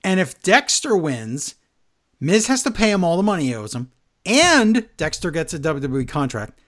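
A man's voice: a little high, big pitch swings, moderate pace, fairly bright tone. A man co-hosting a casual podcast, chatting through a wrestling recap and quoting the wrestlers. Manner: chatty recapper, quotes wrestlers in mock voices. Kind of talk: casual chat.

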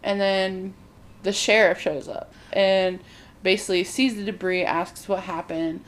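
A woman's voice: medium pitch, steady tone, a little slow, a little hiss or hum. A woman in casual chat, animatedly retelling a movie plot and acting out the characters' lines, with frequent "like".

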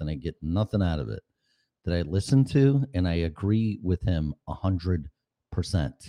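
A man's voice: low-pitched, a little mellow. A middle-aged man hosting his own podcast at home, talking in a profane, rambling rant. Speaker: podcast host. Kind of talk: casual rambling monologue. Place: apartment at home. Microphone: studio mic with headphones.

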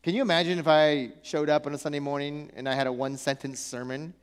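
A male pastor preaching a sermon in church, animated and conversational, with joking asides. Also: fairly high pitch, fast talker, clear, resonant tone. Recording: echoey church hall.

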